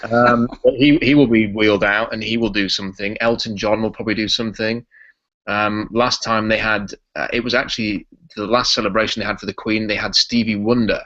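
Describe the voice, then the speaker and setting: A man from Yorkshire with a Yorkshire English accent, a podcast guest chatting casually in a relaxed, rambling way with lots of ums. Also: fairly low pitch, fairly quick, muffled recording. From Yorkshire, England.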